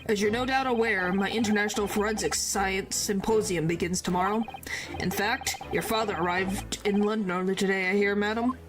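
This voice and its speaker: A woman voicing a stately elderly male British chief justice, in a measured, formal and courteous manner over game music. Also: medium pitch, fairly even intonation, natural voice. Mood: condescending. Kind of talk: reading game dialogue aloud.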